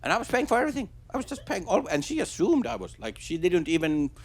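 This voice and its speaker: A man doing a stand-up comedy set on stage before a live audience. He talks haltingly, with many restarts and fillers. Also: high-pitched, sing-song. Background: audience laughter.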